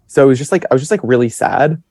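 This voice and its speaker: A young man in his twenties talks as a podcast guest, rambling through his stories with plenty of fillers and acted-out bits of his own thoughts. His pitch sits in a middle range, and the recording is dry and close, with no room sound. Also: expressive, very fast, a little mellow, breathy edge, dry recording. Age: 20s. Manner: chatty, rambling with many fillers and quoted self-talk. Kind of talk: casual storytelling.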